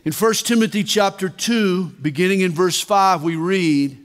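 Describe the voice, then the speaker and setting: A man preaching a sermon at a conference, deliberate and emphatic, with dramatic pauses. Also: sits high. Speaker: pastor. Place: large conference hall. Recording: reverberant conference hall.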